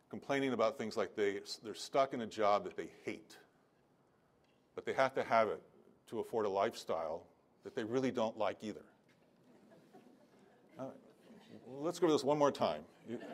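A man giving a sermon-style lecture as a pastor, telling a story with many fillers. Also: fairly low pitch.

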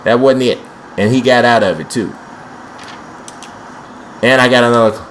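A man's voice: medium pitch, normal speed, a bit bright, a little hiss or hum. A young man giving panicky, trash-talking commentary while playing a wrestling video game, with speech. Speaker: gameplay commentator. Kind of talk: excited let's-play commentary.

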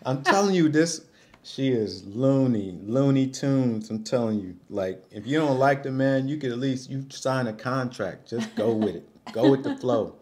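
A man's voice: mid-range voice, animated, unhurried, a little mellow. A man, father of a young son, casually recapping a reality show episode with a co-host, laughing often and acting out what people said. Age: adult with a young son. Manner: laughs often, loose and joking, acts out quotes.

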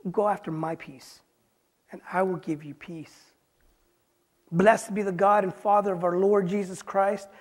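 A middle-aged man from Los Angeles preaching a Bible study sermon, casual and joking in his asides and reading scripture slowly and deliberately. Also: sits high. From Los Angeles, United States. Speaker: pastor.

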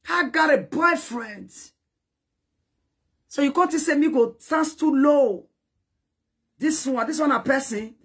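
A very husky, raspy older woman with a Nigerian Pidgin accent, boasting to camera. Her voice sits a little high, and her talk is animated, swinging from muttering to loud bursts. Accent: Nigerian Pidgin English. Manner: boastful, animated, shouts at times.

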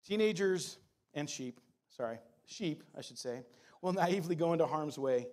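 Animated man preaching a humorous sermon. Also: a little high, normal speed. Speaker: pastor.

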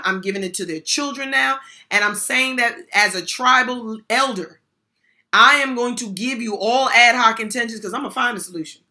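A woman's voice: on the high side, sharp tone. An older woman giving a motivational workshop talk on supporting people, speaking emphatically in a folksy way and repeating key phrases.

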